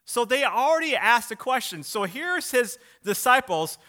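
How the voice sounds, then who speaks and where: High, bright-voiced man preaching. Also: moderate pace. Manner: animated, acts out quotes in a raised voice; loose, conversational with restarts. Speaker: pastor. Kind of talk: sermon with storytelling.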